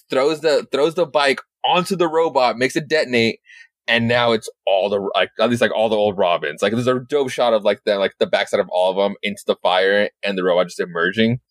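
A man co-hosting a podcast, excitedly recapping a comic in a rambling, casual way with lots of swearing. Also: medium pitch, no room sound. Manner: excited, rambling, swears a lot, many restarts. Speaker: podcast co-host.

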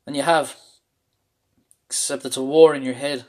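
A man with a middle-pitched voice tells his story in a candid, intense way and swears without holding back. He comes from Ireland, and the talk feels personal and unscripted. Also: steady tone, normal speed, darkish tone. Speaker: speaker sharing a personal story.

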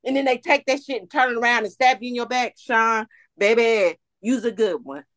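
A woman in a fired-up, profanity-laced rant on a chat podcast. Her voice sits a little high and sounds dry and close to the mic. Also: brisk, fairly bright tone, dry recording. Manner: heated profane ranting. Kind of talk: casual chat.

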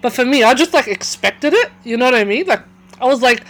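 A woman's voice: high-pitched, animated, fairly quick, fairly bright tone. A young woman, a podcast guest, telling a story in a casual chat, with lots of fillers and restarts. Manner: chatty, many fillers and restarts.

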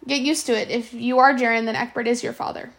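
Calm, probing manservant read by a woman, soft measured questions, gravelly edge, fairly high voice. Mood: questioning. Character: calm, probing grown male servant.

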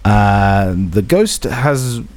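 A man's voice: lowish voice, lively intonation, drawn-out words, a little mellow, no room sound. A man hosting a tabletop role-playing podcast as game master, chatty and joking, laughing often. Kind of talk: casual tabletop podcast chat.

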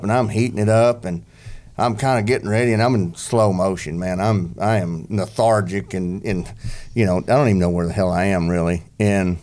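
A man's voice: lowish voice, a little mellow. A man telling a long, rambling, self-mocking story in casual podcast chat.

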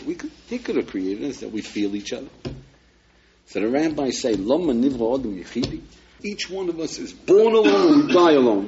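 A man's voice: mid-range voice, darkish tone, highs cut off, slight background noise. A man, a rabbi, lecturing an audience with emphasis and frequent rhetorical questions. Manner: emphatic, peppers talk with rhetorical questions to listeners.

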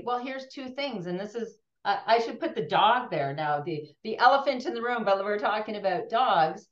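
A woman's voice: medium pitch, lively intonation, normal speed. Woman host in an echoey room. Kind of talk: conversational interview. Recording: dull, echoey room sound.

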